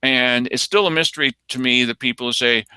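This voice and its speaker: A man's voice: medium pitch, a little fast, pushed and bright, clean tone, no room sound. A man hosting a local news commentary show, talking casually and quoting people in mocking voices.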